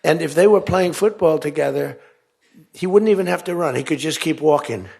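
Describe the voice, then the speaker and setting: A man's voice: on the high side, fairly quick, a little mellow. An older man giving a loose, rambling off-the-cuff speech to lawmakers at a podium, drifting from story to story. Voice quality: gravelly, husky. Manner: rambling, digressive storytelling with acted-out quotes. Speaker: political leader addressing lawmakers. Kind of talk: off-the-cuff rally-style speech. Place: large auditorium, before a live audience.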